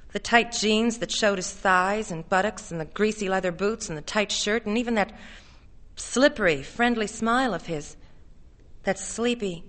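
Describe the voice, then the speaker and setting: A woman narrating a short story with a bright, clear tone. Her delivery is measured and steady, moving evenly through long descriptive passages. The pitch sits in an ordinary middle range. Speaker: reader. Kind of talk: literary story reading.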